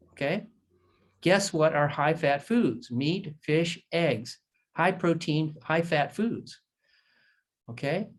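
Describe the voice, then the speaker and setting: A man who is a surgeon, explaining diet to patients in an educational talk over a shared screen, repeating his points emphatically and telling folksy stories. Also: fairly high pitch.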